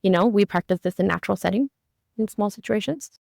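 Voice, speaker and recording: A woman in her thirties, a therapist co-hosting a podcast, telling a parenting story in an animated way and acting out the lines she quotes. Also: medium pitch, a little fast, creaky, no echo, studio quality. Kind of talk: conversational podcast discussion.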